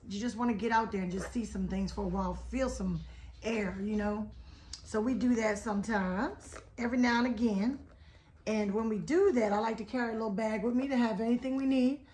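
A chatty woman unpacks her haul and talks right to her viewers. Her voice sits a bit high and sounds a little hoarse, as she is losing it today. There is a faint hiss of noise behind her. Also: a little mellow. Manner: chatty, keeps addressing viewers as y'all. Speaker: haul vlog host. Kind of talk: casual product haul chat.

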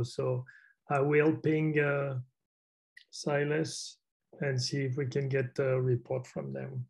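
A man leads an online meeting, speaking at an even, middle pitch. His manner is easygoing and chatty, loosened by small fillers and restarts. The voice comes through a video call. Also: a little slow, vocal fry, rough recording. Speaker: meeting chair. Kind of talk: casual meeting talk.

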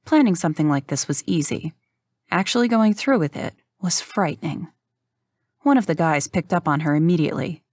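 A woman with a fairly low-pitched voice tells an audiobook story in a measured, even manner, captured in a dry recording.

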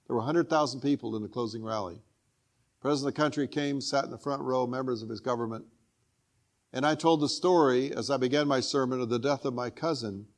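A man's voice: mid-range voice, a little fast. Older man preaching an earnest sermon. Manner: earnest personal storytelling. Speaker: guest preacher.

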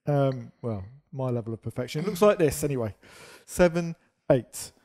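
A man's voice: mid-range voice, expressive, normal speed, darkish tone. A man teaching a partner dance, explaining steps and counting beats in a chatty, self-deprecating way while losing his voice.

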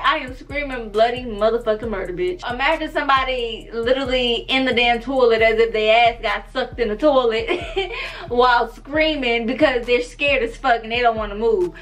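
A young woman telling a wild story to her viewers in a casual, animated, profane way. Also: on the high side. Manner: animated, profane, addresses viewers as girl and bitch. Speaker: vlogger.

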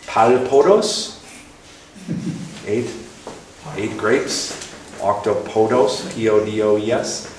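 A man's voice: on the low side, slow pace, pauses often. A man giving a casual, playful public talk to an audience, joking at his own expense and acting out little exchanges. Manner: playful and self-mocking, acts out little dialogues. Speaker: guest speaker at a talk event. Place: lecture room with an audience. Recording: very echoey room, distant mic, faint hiss.

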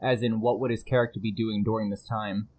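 Male co-host, a bit husky, easygoing, jokes with the guest. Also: fairly low pitch, little pitch movement, a little fast, darkish tone. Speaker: podcast co-host. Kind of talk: casual podcast interview.

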